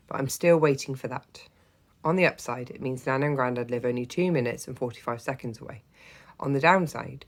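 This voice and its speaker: Woman with a super low voice reading a kids book out loud, expressive and a bit funny. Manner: expressive first-person narration, lively and gently humorous. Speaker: teacher reading to a class. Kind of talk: storybook read-aloud.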